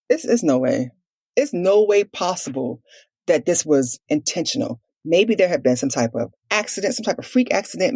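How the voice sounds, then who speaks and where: A woman with a husky, slightly breathy voice tells a personal story in a podcast interview. She speaks earnestly and fast, acting out remembered dialogue and leaning on "like" as she goes. The sound is dry and close. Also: deep voice, darkish tone, dry recording. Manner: earnest, quick retelling with quoted dialogue and many "like" fillers. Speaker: guest telling her family story.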